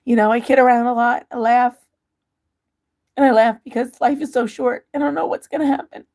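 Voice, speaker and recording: A middle-aged woman hosts a casual livestream and reads viewer comments aloud, answering them one by one. She laughs and cries at the same time as she talks. Her voice is a little high, with a gravelly, creaky edge. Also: steady tone, a little fast, darkish tone. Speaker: livestream host reading chat. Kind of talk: casual emotional livestream chat.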